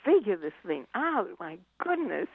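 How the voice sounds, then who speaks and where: A woman's voice: medium pitch, big pitch swings, normal speed, breathy edge, no room sound. A middle-aged woman, an author and parenting expert, telling stories animatedly and acting out scenes, laughing often. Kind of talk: storytelling in a conversation. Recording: tinny phone-like line, dry.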